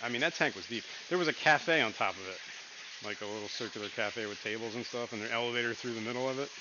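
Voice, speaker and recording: A laid-back man talks casually on a livestream from his home fish room, wandering through his thoughts with plenty of fillers. The stream audio is dull and lo-fi, with a clear layer of room noise behind him. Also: mid-range voice, fast talker. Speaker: livestream co-host.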